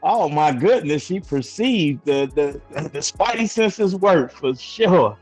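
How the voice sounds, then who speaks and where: A man's voice: fairly high pitch, lively intonation, takes it slowly, darkish tone, faint music behind. A man hosting a casual podcast interview, talking in a hyped way and repeating his favorite phrases. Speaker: podcast host.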